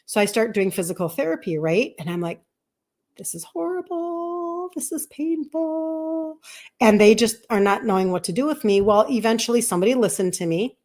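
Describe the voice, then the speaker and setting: A woman in her fifties talks casually to a live-stream audience as a health coach. She tells a personal story in a chatty, animated way and often acts out lines of dialogue. Her voice sits at an ordinary middle pitch. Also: fast talker, hardly any pauses. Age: 50s.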